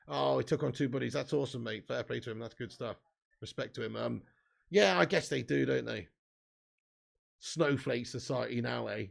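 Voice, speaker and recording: A man's voice: medium pitch, a little fast, gravelly. An English man hosting a live football watch-along, bantering with his chat, laughing often and reading comments aloud. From England. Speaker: live stream host.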